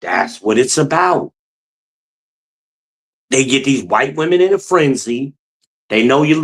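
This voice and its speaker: A man from New Jersey holds forth alone as a podcast host, his voice pitched a little higher than most men's. He talks bluntly and swears freely, mocking the people he discusses. His delivery stays casual and direct. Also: expressive, measured pace, pauses often, a bit bright. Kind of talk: solo opinion commentary.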